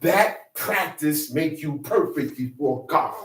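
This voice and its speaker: High-pitched emphatic preacher man. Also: expressive, takes it slowly, roomy sound, recorded from a distance, poor audio. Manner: emphatic, streetwise preaching with call-and-response. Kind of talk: sermon teaching.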